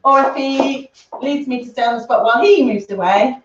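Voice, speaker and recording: High-voiced woman co-teaching dance. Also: a little fast. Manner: brief, reads out viewer comments. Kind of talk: live-streamed dance class. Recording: roomy, distant, dull live stream.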